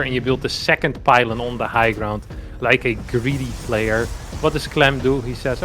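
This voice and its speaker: A man casting a live esports match, chatty and swelling into excited play-by-play. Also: mid-range voice, moderate pace, soft background music. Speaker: esports caster.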